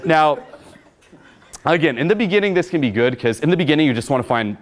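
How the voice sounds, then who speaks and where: A young man coaching in a loose, swaggering way. His pitch swings a lot as he talks, and he swears freely. He sounds brash and animated. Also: quick pace. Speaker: dating coach. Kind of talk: casual coaching talk.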